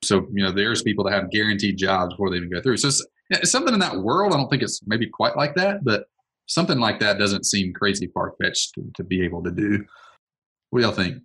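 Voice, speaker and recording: Guy with a low, bright, kinda husky voice, rambling through a meeting brainstorm. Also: poor audio. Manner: thinking out loud, quick and rambling. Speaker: business owner leading a brainstorm. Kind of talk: casual meeting discussion.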